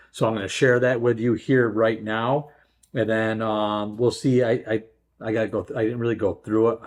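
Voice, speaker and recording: A middle-aged man hosting a story channel, chatting casually and rambling with many fillers and restarts. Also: on the low side. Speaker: host. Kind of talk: casual chat.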